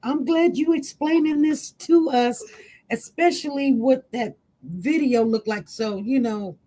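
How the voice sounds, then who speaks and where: A man's voice: very high-pitched, measured pace, dark tone, poor audio. A man hosting a casual chat, asking short questions and prompting his guest. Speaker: host.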